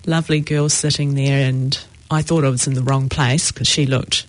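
A woman telling her own recovery story in a reflective, halting way with many pauses. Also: very deep voice, fairly even intonation, no echo. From New Zealand. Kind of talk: personal testimony.

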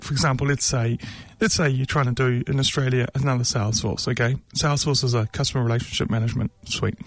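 A man's voice: mid-range voice, dry recording. A man, talking casually and jokingly, rambling with many ums and mocking asides. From New Zealand. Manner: rambling, joking, mocking, with frequent filler words. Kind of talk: casual opinion monologue.

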